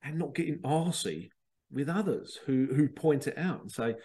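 A man's voice: fairly high pitch, expressive, normal speed, a little mellow. A middle-aged man hosting a podcast, talking in a chatty, rambling monologue and acting out quotes. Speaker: podcast host. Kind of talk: casual monologue.

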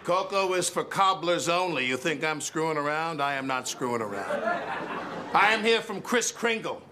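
A man's voice: on the high side, expressive, normal speed, over a noisy crowd, lightly acted. An actor playing a ruthless male elf sales boss from head office, barking insults at the workers in a comedy sketch. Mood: berating. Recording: played clip with clear background noise.

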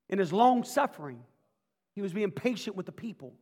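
A pastor delivers a sermon in a high, bright voice. He starts folksy and conversational, then builds into fervent, rising preaching. His voice carries through a church with a long, ringing reverb. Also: animated, brisk.

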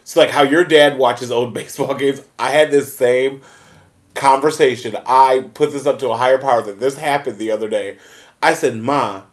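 A man's voice: medium pitch, fairly even intonation, moderate pace. A man co-hosting a podcast, telling stories casually and acting out quoted conversations with laughter. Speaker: podcast co-host. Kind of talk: casual chat.

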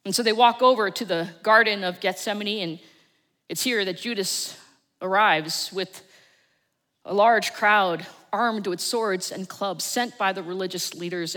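A woman with a New Jersey accent preaching a Sunday sermon, telling the story with dramatic swings from loud to hushed. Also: mid-range voice. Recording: long church reverb.

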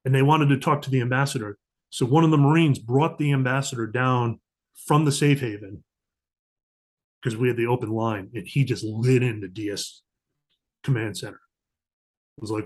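A man's voice: mid-range voice, normal speed, long pauses. A middle-aged man, a diplomatic security agent and podcast guest, telling a story in conversation and acting out the voices he quotes, with the odd curse. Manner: animated, acts out quoted voices, profane at times.

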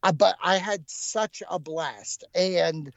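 Male podcast co-host, a bit high-pitched, rambling excitable storyteller, dry slightly dull recording. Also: slow pace, creaky, dry recording. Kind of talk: casual podcast chat.

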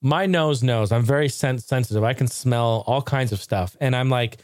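A man's voice: mid-range voice, normal speed, few pauses, a little mellow, no echo, clean studio sound. A man hosting a casual tech talk show, swearing freely, laughing often and rambling animatedly.

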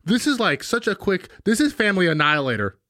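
Podcast co-host, man with a fairly high, very lively voice, sarcastic banter, dry mic. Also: quick pace, no echo. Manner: animated, playful banter, sarcastic asides. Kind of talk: casual movie recap chat.

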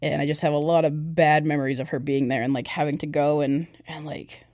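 A woman's voice: low voice, steady tone, fairly quick, darkish tone, dry recording. Candid young woman telling her story, dry. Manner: candid and conversational, with many fillers. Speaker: podcast guest. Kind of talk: personal testimony in casual chat.

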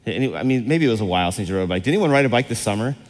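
A middle-aged pastor in a church hall gives a casual, interactive sermon to his congregation, chatty and rambling with many fillers and restarts, and he asks the crowd questions. His fairly low voice has lively intonation and moves very fast, with a long reverb tail.

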